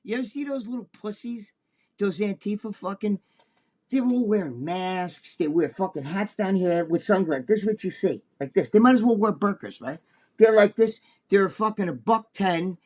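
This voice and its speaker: A man's voice: high-pitched, lively intonation, normal speed, darkish tone. A man co-hosting a podcast, talking bluntly and crudely, acting out other people's voices as he tells stories. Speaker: podcast co-host. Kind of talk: casual profane chat.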